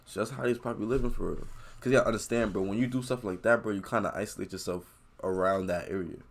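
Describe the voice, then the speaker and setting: Low-voiced man reacting casually. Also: fairly even intonation, fast. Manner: slangy, says "bro" constantly. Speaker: reaction video host.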